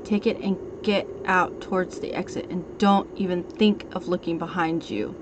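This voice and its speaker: A woman reading out the lines of an unseen sinister captor in a slow, low, menacing way. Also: fairly even intonation, natural voice. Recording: noisy stream audio.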